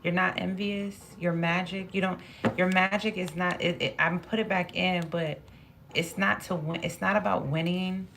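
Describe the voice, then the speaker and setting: A woman with a low voice talks through a tarot reading, thinking aloud and circling back over her words as the cards come up. A gravelly fry runs through her speech, and a faint hiss sits under the recording. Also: steady tone, normal speed. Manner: musing, repeats phrases, talks to herself while drawing cards. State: emotional at moments. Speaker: tarot reader.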